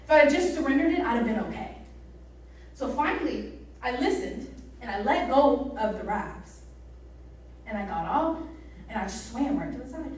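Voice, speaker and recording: A woman with a fairly high voice preaches a youth sermon in a church hall. She tells her story in a chatty, animated way and keeps asking the crowd questions. Her voice echoes heavily, as if picked up from a distance. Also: normal speed, pauses often, a little hiss or hum. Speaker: youth pastor. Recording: roomy echo, mic from a distance.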